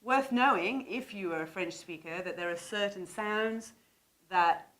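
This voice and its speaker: A woman's voice: medium pitch, unhurried, a bit bright. A woman with a mix of Birmingham and southern English accent, a teacher trainer chatting casually, laughing and encouraging. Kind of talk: casual chat.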